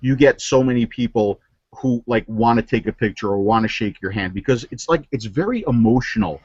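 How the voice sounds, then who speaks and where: Animated and brisk, this medium-pitched voice is a little mellow with a breathy edge, recorded dry and lo-fi. The speaker, a vaping reviewer from New Jersey, chats casually as a guest over video call, earnestly telling stories full of fillers and restarts.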